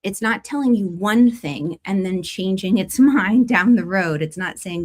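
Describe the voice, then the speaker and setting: A woman's voice: medium pitch, a little slow, few pauses. A middle-aged woman hosting a spiritual astrology talk, chatting casually with viewers and laughing often. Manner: warm conversational, laughs often, lively emphasis. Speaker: astrology and tarot host.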